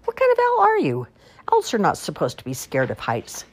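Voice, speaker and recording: A woman voicing a male wolf in a storybook, scolding and then gently encouraging. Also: extremely low pitch, sing-song, quick pace, vocal fry, slight background noise, full character voice.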